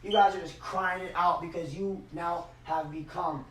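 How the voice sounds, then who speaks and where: Motivational speaker, male, high voice, hype delivery with hushed emotional dips, miked from a distance in a reverberant hall. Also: steady tone, normal speed. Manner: hype, swings from shouting to hushed emotional tones. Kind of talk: motivational speech with guided visualization.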